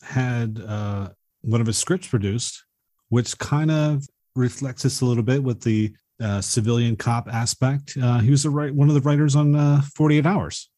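Podcast guy reading off movie facts, low mellow voice, dry sound. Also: fairly even intonation, dry recording. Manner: measured, fact-reciting delivery. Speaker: podcast co-host. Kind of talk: reading film trivia in casual chat.

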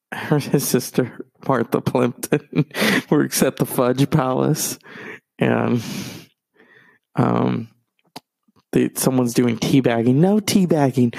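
Gravelly, rambling man talking movies. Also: medium pitch, a little mellow, no echo. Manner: rambling, profane, self-interrupting movie talk. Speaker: streamer. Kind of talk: casual chat.

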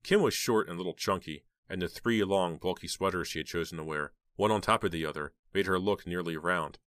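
A man narrating a horror novel as an audiobook in a steady, even storytelling manner. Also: low-pitched, fairly quick, dry recording, clean studio sound.

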